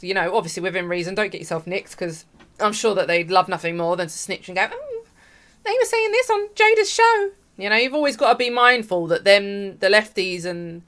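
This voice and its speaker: A woman's voice: medium pitch, fairly bright tone. A woman from the UK hosting an online commentary show, speaking emphatically, repeating her points and addressing her viewers directly. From United Kingdom. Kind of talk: opinionated commentary.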